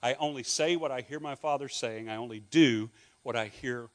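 Jesus, calm adult man, low earnest measured delivery, as quoted by a male preacher. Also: natural voice. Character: Jesus, a calm grown man rebuking leaders.

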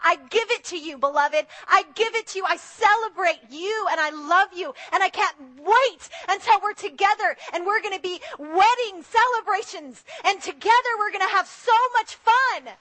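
A woman's voice: very high-pitched, normal speed, few pauses, sharp tone. A woman playing God as a loving, delighted father who gushes over his children. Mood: delighted, tender. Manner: gushing and affectionate.

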